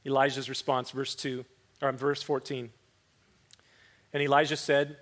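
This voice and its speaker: A man preaching a sermon, animated, swinging between loud rhetorical questions and quiet scripture reading. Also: medium pitch, measured pace, pauses often. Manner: mock-mopey voice when quoting a complaining prophet.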